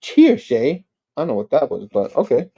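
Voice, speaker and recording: Dude recapping an episode, lots of "he's like", bouncy voice, warm and low-key. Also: expressive, very fast, vocal fry, slightly rough, muffled recording. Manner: retells scenes in loose "he's like" quotes, doing voices. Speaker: show host.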